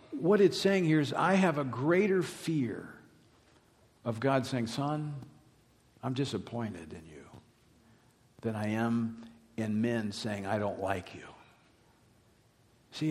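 Man, middle-aged, pastor's sermon, emphatic then hushed, mid-range voice, echoing sanctuary. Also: mid-range voice. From Louisiana, USA. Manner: emphatic preaching, swinging from loud to hushed. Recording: reverberant hall.

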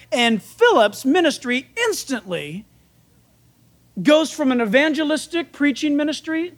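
A man preaching a sermon as pastor, animated and playful, acting out the people in his stories. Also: extremely high pitch.

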